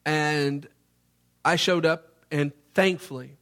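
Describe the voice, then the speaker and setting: A man, from Memphis, Tennessee, preaching a sermon as an animated storyteller who acts out the scenes. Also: on the high side, slow pace.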